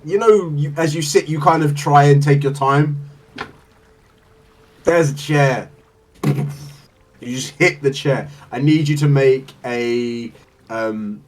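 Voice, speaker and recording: A man's voice: a little high, recorded from a distance, rough recording. A man narrating as game master, rambling with lots of fillers and laughing as he describes scenes.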